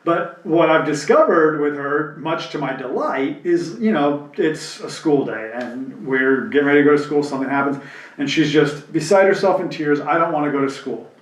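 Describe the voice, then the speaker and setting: A man's voice: a little high, expressive, normal speed, distant mic. A man from New Jersey chatting candidly and reflectively, acting out quoted voices as he tells stories. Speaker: podcast co-host. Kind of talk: casual chat. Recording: roomy, mic set back.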